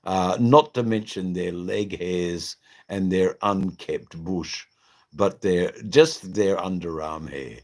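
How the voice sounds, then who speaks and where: A man's voice: deep voice, slow pace. A man hosting his own live stream, rambling in a crude, jokey way with lots of ums and laughs. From Australia. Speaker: livestream host. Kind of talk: casual live-stream chat.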